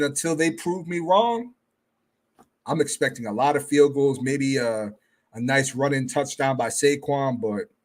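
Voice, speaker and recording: A man on as a guest who talks football in a casual, measured way, often hedging his points. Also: mid-range voice. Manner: relaxed, measured, hedging with "I mean". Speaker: guest fan analyst. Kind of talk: casual sports talk.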